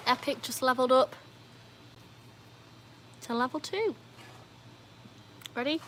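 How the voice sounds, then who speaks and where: A woman's voice: animated, slow pace, pauses often, a bit bright, slight background noise. Chatty British woman live-streaming. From United Kingdom. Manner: chatty, bursts into high cheering whoops. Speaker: livestream host. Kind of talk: casual live-stream chat.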